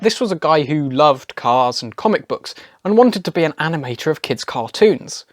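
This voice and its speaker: A man's voice: on the high side, dry recording, studio quality. A man narrating a scripted video essay in a wry, opinionated way.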